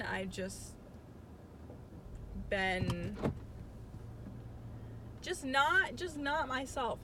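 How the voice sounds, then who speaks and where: A woman in her twenties talking frankly into her phone from a car, rambling and swearing, sounding worn down. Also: medium pitch. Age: 20s. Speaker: vlogger. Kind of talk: candid confessional vlog. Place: in a car, outdoors, by an urban street. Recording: phone recording with clear traffic noise. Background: traffic noise.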